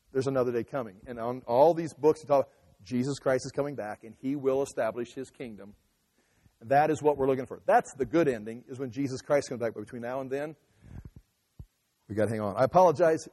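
A man's voice: a little high, darkish tone. A man preaching an impassioned, emphatic sermon, mimicking the voices of people he argues against. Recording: echoey hall.

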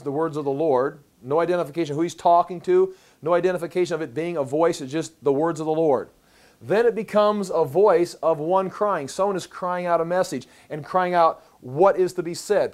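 Reading scripture aloud, this pastor walks through a Bible passage in a conversational way, frequently restarting and repeating words. He speaks briskly in a slightly high voice.

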